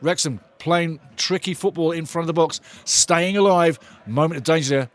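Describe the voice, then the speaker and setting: A man hosting a live football watch-along, shouting and swearing excitedly while calling the play and reading out chat messages. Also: fairly high pitch, moderate pace. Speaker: watch-along host and fan commentator. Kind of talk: live fan match commentary, reading chat.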